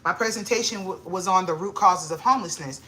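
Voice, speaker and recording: Bright-voiced young woman, excitable and slangy. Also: fairly quick. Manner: excitable, slangy, grows loud and high when hyped. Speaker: vlogger. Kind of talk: casual chat to camera.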